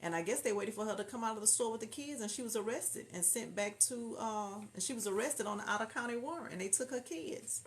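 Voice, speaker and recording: Reading her chat aloud on a casual livestream, this Houston woman talks fast and animatedly in a slightly high voice with hardly any pauses. She has a Southern drawl and hails from Houston, Texas, and there's slight background noise.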